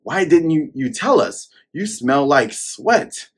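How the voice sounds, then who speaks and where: A man reading out a gang of excited young boys who play at being a pirate crew, shouting brashly. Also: on the high side, slow pace. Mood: eager battle cry.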